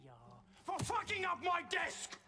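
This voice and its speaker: An actor voicing a petty, sarcastic dwarf bureaucrat in a video game, heard through a live stream. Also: male voice, very high voice, measured pace, bright, forceful tone, exaggerated voice. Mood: sneering. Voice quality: sarcastic, mocking. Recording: game audio under a stream with faint noise.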